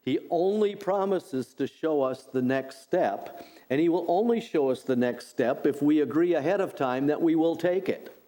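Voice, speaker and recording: A middle-aged male pastor preaching a sermon, deliberate and repeating key phrases for emphasis. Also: a little high, dark tone.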